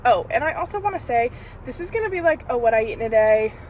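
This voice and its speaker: A young woman talks candidly into a handheld phone camera during a lunch-break vlog from her car and errands, full of fillers and laughter. She speaks quickly and animatedly in a slightly high voice with a darkish tone, and there's a faint hiss or hum.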